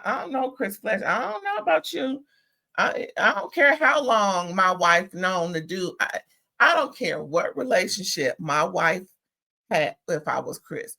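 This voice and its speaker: Recapping a reality TV reunion in casual conversation, this reviewer from California is sassy and full of opinions. Her voice sits at a medium pitch and sounds bright and pushed.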